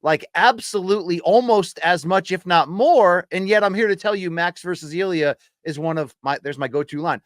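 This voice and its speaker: A man's voice: high-pitched, expressive, moderate pace, few pauses, no echo, clean studio sound. A man hosting a podcast, asking joking, upbeat questions in a casual interview. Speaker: podcast host.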